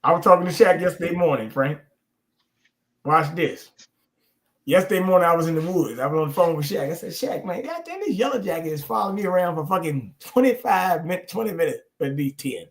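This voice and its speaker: A man hosts a casual livestream talk in a somewhat high voice. He tells stories loosely and animatedly, cussing and laughing along the way. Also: brisk. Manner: animated storytelling, swearing, laughing. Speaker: show host. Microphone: streaming call.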